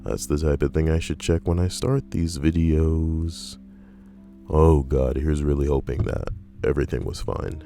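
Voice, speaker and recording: A man's voice: extremely low pitch, fairly even intonation, measured pace, mellow, faint music behind. A young man reading stories aloud and breaking off into sarcastic, profane, rambling asides. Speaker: story reader and commentator.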